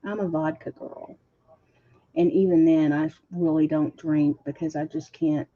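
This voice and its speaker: A woman hosting a casual livestream, reading viewer comments aloud and chatting with a husky voice. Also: sits low, fairly even intonation, measured pace. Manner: chatty, laughs often, reads chat aloud. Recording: dull lo-fi stream audio.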